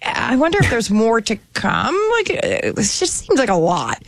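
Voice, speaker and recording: A woman's voice: a little high, wildly swooping pitch, measured pace, dry recording. A woman from New Jersey chatting casually on a radio show, giggly and full of "like" fillers. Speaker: radio show segment regular.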